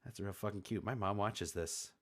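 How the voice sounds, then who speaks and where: A podcast co-host with a lowish voice and moderate pace trades rowdy, hyper banter, cracking jokes and swearing a lot. He comes across as hyper and excitable.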